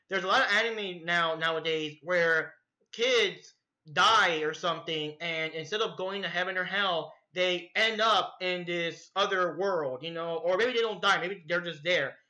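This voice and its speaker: A man's voice: high voice, sharp tone. A man hosting a casual livestream who rambles loosely and swears freely, in an echoey, dull-sounding room. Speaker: livestream host.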